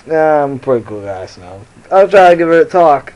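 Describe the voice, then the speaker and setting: A man's voice: medium pitch, expressive, moderate pace, hardly any pauses, a little mellow, dull audio. A young man telling a rambling, profane story into his phone and laughing at his own jokes. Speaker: vlogger. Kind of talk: casual storytelling to camera.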